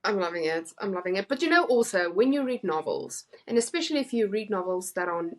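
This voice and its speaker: A woman's voice: medium pitch, animated, quick pace. A woman, an Afrikaans speaker, co-hosting a casual chat and laughing easily. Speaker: podcast co-host.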